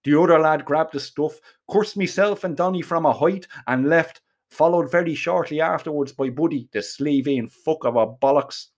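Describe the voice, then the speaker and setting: A man's voice: on the high side, moderate pace. Foul-mouthed Irish man telling a story. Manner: foul-mouthed, rambling, colourful slang. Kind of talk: first-person comic storytelling.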